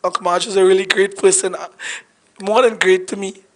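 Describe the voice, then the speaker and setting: A man with a Trinidadian accent speaks at a funeral gathering, his voice hoarse and pitched fairly high. He rambles warmly through an unprepared eulogy, often restarting and repeating his words. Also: little pitch movement, brisk. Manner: heartfelt, rambling, repeats himself. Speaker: family member giving a eulogy. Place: funeral gathering at a family home.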